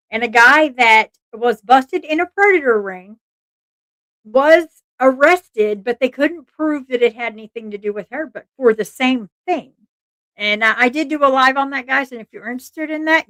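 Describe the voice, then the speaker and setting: A slightly high-voiced woman hosting a true crime livestream, talking in a loose, earnest way. She restarts her sentences often and breaks off to speak to her chat. The sound is dry and close, with little room. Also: a bit bright, dry recording. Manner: chatty, earnest, asides to chat, frequent restarts. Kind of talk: casual live-stream narration.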